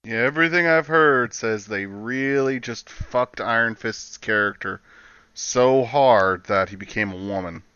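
A man chatting casually as a co-host, making quick joking asides. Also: mid-range voice, pushed and bright, smooth, no room sound, lo-fi sound. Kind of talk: casual chat.

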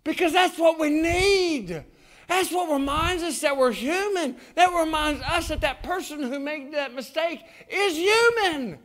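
Lively high-voiced preacher. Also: male voice, unhurried. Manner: dramatic swings from hushed to shouting. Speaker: pastor. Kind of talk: sermon.

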